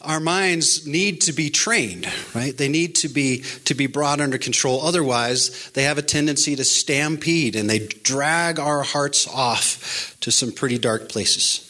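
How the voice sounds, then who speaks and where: A middle-aged man preaching a sermon and retelling a Bible story in an animated way, acting out the characters in higher voices. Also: a little slow. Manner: animated storytelling, voicing characters with pitch jumps. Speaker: pastor.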